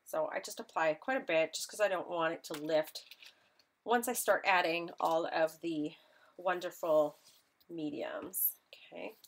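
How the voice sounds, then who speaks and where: A woman's voice: lowish voice, measured pace, a little hiss or hum. Chatty woman teaching a live craft class. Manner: chatty, self-deprecating, talks to viewers while working. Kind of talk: live online craft demonstration.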